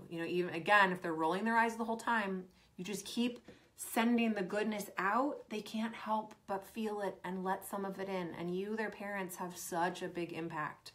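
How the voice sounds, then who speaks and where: A woman's voice: medium pitch, moderate pace. A woman performance coach in her thirties giving earnest advice to sports parents, often acting out what a parent might say. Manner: earnest, animated, acts out parent lines. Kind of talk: Q&A advice talk.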